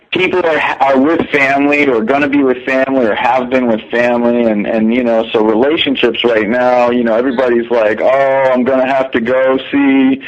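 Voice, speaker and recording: A man's voice: mid-range voice, fairly even intonation, normal speed, muffled recording. A man co-hosting a casual podcast conversation over a call, rambling and hesitant with many fillers. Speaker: co-host interviewer. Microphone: remote call.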